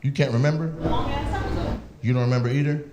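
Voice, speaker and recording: A man's voice: medium pitch, steady tone, background noise. A male comedian doing profane, teasing crowd work with audience members. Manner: teasing, profane, quick banter. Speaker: stand-up comedian.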